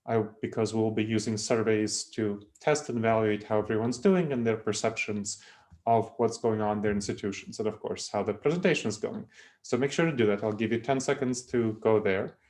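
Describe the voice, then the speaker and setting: A man in his thirties from Moldova, with a Moldovan accent, giving an online presentation in a lively, self-deprecating lecturing way with frequent restarts. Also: on the low side. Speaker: webinar presenter. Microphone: video call.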